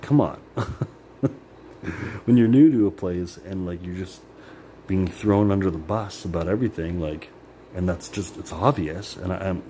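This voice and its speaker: Deep-voiced man venting in a ramble. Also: dark tone, slight background noise. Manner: rambling, profane, many "like" fillers; emotional, bitter. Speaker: vlogger. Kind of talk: personal venting monologue.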